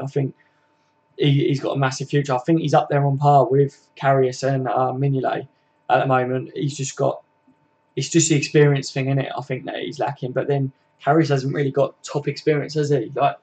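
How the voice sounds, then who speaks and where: A man's voice: mid-range voice, a little mellow. A young man with a southern English accent, hosting a football live stream in casual, slangy chat full of tag questions as he answers viewer comments.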